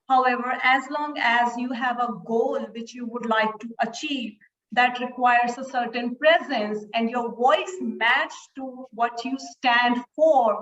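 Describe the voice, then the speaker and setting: A woman panelist speaking slowly and deliberately in an online discussion, pausing between phrases. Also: fairly high pitch, fairly bright tone. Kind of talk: presentation and discussion. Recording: echoey dull video call audio.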